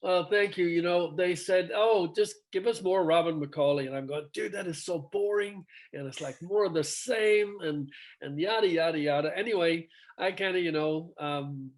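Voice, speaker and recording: Lively, storytelling male rock singer. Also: on the high side, normal speed. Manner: animated storyteller, acts out quoted dialogue, laughs often. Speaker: singer, interview guest. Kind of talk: casual storytelling interview.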